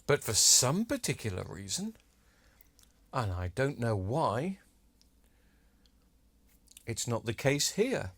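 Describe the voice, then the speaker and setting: Male, repair vlogger, chatty and cheeky, mid-pitched, dry room. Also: sing-song, slow pace, long pauses, a bit bright, no echo. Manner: chatty, self-deprecating, cheeky asides. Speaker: electronics repair video maker. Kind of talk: casual demo talk to camera.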